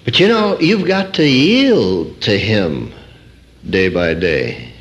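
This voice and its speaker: Man, middle-aged, preacher, sermon, unhurried delivery, animated intonation, folksy storytelling, wry humor. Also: fairly low pitch, dull audio. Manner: folksy, rhetorical questions to the audience, wry humor. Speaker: preacher and counselor. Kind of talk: sermon with personal anecdote.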